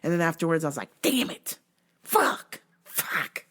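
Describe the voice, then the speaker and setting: A woman's voice: low voice, fast talker. A woman hosting her own show, telling a rant story casually, full of swearing and sound effects. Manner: profane, animated, frequent sound effects. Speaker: host.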